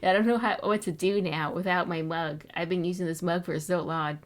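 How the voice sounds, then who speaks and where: A woman's voice: on the low side, steady tone, a little fast. A young woman streaming live, chatting casually and fretting aloud in a rambling, wistful way, sounding a little sick.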